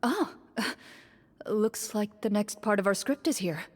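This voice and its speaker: A woman voicing a composed young swordswoman who speaks in a calm, reserved, measured way. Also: mid-range voice, big-room sound.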